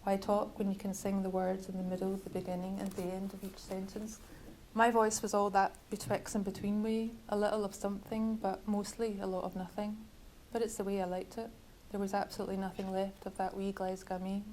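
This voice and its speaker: Woman author, measured bookshop reading, level even delivery. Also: mid-range voice, slight background noise, poor audio. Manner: measured, literary reading with wry asides. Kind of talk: reading from her novel.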